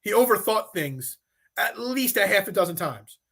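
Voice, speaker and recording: A male sports talk host who argues his points, stacking restarts and repeated phrases. His voice sits high and sounds bright and forceful. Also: moderate pace, creaky, slightly rough. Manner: animated, repeats himself when making a point.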